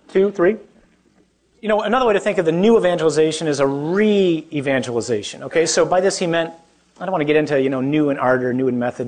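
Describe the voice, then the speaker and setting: A man preaching as a parish priest, conversational and joking, often putting questions to his young listeners. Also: a little high. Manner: conversational, self-deprecating, asks the audience questions. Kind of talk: humorous preaching to a young audience.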